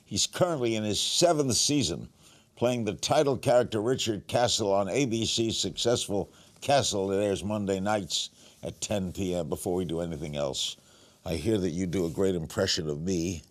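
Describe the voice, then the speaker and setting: A man's voice: low-pitched, normal speed. An older man hosting a talk show, asking short, blunt interview questions.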